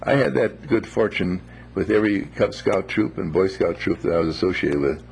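A man telling a moral story in a gentle, unhurried, folksy way, with homely phrases. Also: deep voice, animated, vocal fry, slight background noise.

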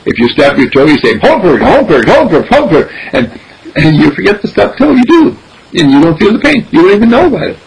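A man giving an animated spiritual teaching, repeating phrases and acting out dialogues. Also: high-pitched, quick pace, gravelly, a crowd in the background, poor audio. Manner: animated, repetitive, acts out dialogue.

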